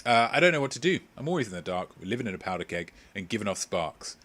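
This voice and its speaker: A man's voice: fairly low pitch, expressive, quick pace, a bit bright. A man hosts a live-streamed comedy quiz in a jokey, playful way. He reads out answers from the chat and keeps slipping into snatches of song. He sounds like he is streaming from a home setup. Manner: playful, jokey, breaks into singing lyrics. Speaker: quiz host.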